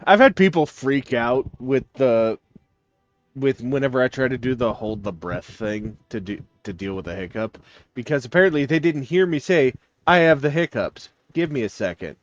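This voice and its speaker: A man narrating as game master in a tabletop game, explaining things haltingly with many fillers. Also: mid-range voice, expressive, no room sound, muffled recording, soft background music.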